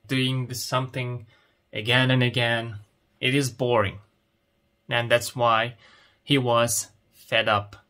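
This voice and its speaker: A man teaches English at a very unhurried pace. His voice is bright and forward, and he asks simple questions about a picture story and then answers them himself. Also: mid-range voice. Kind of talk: slow explanatory lesson, reading a picture story.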